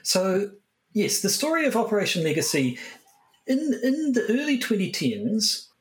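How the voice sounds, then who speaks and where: A man's voice: high voice, wildly swooping pitch, moderate pace. A man hosting a podcast, explaining a history topic in a casual, hesitant way with frequent restarts. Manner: hesitant, many restarts and fillers. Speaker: podcast host.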